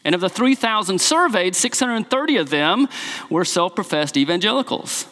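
A man's voice: high voice, animated, moderate pace, bright, forceful tone. A man preaching a sermon, emphatic and repeating key phrases for stress, in a church sanctuary. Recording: long reverb of a large hall.

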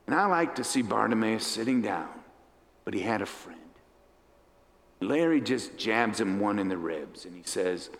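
A pastor preaching a storytelling sermon, dramatic and animated, acting out the characters as he goes. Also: fairly low pitch, moderate pace, gravelly. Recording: echoey hall reverb.

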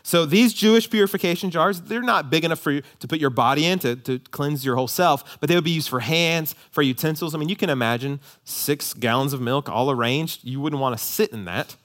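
Preaching to his flock with a fairly high voice, this pastor moves a bit quickly with few pauses. He stresses and repeats key phrases in a steady cadence, and lightly joking remarks slip in along the way.

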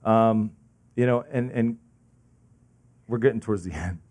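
A young man preaching a sermon, telling a personal story in a casual, halting way, full of fillers and restarts. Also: lowish voice, a little mellow. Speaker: pastor.

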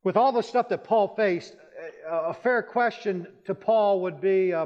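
A man's voice: unhurried, few pauses. Man preaching a sermon in a reverberant hall. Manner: storytelling, emphatic rises in pitch. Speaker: Baptist pastor. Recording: muffled church hall with long reverb.

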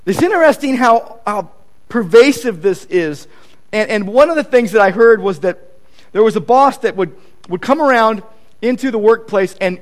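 A male pastor preaching a sermon, repeating key points for emphasis and acting out quoted conversations. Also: high voice. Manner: animated, acts out quoted conversations; emphatic repetition.

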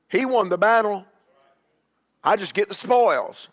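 A man's voice: high voice, animated, measured pace, pauses often, long reverb tail. A man preaching as a bishop, emphatic, with call-and-response and repeated questions to the congregation. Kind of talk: sermon.

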